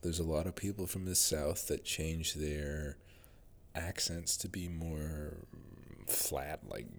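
Low voiced american guy rambling on his own podcast, lots of ums and restarts. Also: slow, a little hiss or hum. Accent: General American. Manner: rambling, musing, many fillers and restarts. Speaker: podcast host. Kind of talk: casual solo monologue.

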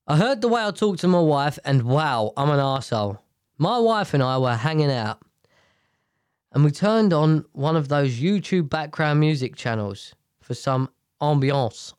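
A man's voice: a little high, dry recording, studio quality. A man reads posts aloud and reacts with blunt, profane, jokey asides. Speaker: streamer reading posts.

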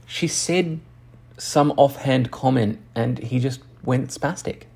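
A young man telling a personal story frankly and profanely, halting often with restarts. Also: medium pitch, gravelly, a little mellow, breathy edge. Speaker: channel host.

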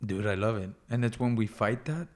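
A man with a somewhat low voice hosts a relaxed conversation. He is encouraging and slangy, and he talks in an easygoing way. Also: brisk. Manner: encouraging, laid-back, slangy. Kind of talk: casual chat.

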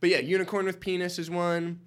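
A young man co-hosting a podcast, telling relaxed stories and often trailing off into a quieter voice. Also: sits high, a little fast. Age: young adult. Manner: easygoing storytelling, drops to a mumble at times. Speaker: podcast co-host. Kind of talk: casual chat.

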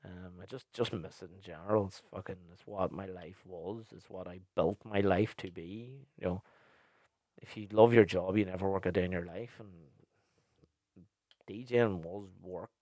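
A young man with a fairly low voice, chatting on his podcast. He talks bluntly, swears freely and rambles with plenty of ums. The recording is dry and close, with no room sound. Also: steady tone, normal speed, mellow, no echo. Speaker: podcast host and DJ. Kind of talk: casual podcast chat, answering listener questions.

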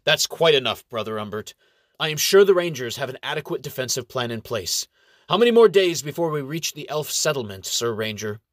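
A man's voice: mid-range voice, moderate pace, fairly bright tone, no room sound, clean studio sound, natural voice. Man doing a stern, commanding inquisitor. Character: stern male inquisitor cleric, authoritative.

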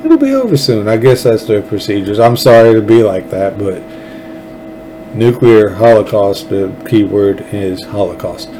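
A man's voice: fairly low pitch, fairly even intonation, a little slow, warm tone, slight background noise, rough recording. A man from Texas hosting a solo political show, ranting in a blunt, profane and sarcastic way. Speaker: political talk show host.

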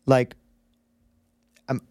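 A man's voice: drawn-out words, darkish tone, no room sound, clean studio sound. Earnest rambling man telling his story. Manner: earnest, rambling, with frequent restarts. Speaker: podcast guest. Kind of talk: candid storytelling in conversation.

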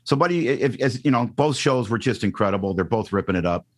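With an animated, mid-range voice moving a little fast, this middle-aged Chicago-area man from Northwest Indiana tells a story as a radio DJ guest in a relaxed interview. He performs the quotes, stumbling through many ums and restarts.

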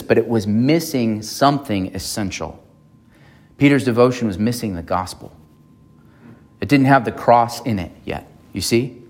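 A man, a pastor, preaching a sermon in a conversational way and often checking in with his congregation. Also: lowish voice. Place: church.

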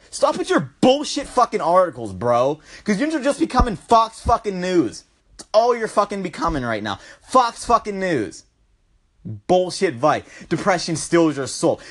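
A man delivering an impassioned, swear-filled ranting monologue, constantly saying bro and dude. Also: sits high. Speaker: vlogger.

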